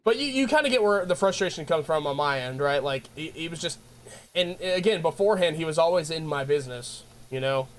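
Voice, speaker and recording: A man's voice: fairly high pitch, lively intonation, fairly quick. A man streaming and chatting with his viewers, ranting in a rambling way with lots of restarts. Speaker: game streamer. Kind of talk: casual chat with stream viewers.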